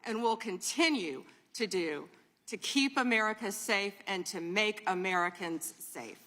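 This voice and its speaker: A woman's voice: mid-range voice, unhurried, fairly bright tone. A woman testifying at a formal hearing, emphatic and repeating her points. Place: large hearing room. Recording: hearing room with long reverb.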